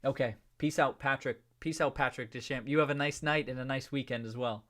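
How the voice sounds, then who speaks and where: Male live stream host, mid-pitched, jokey and loose, rambling chat with restarts. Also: fairly even intonation, fairly quick, a bit bright. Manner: playful and joking, greeting chat viewers by name.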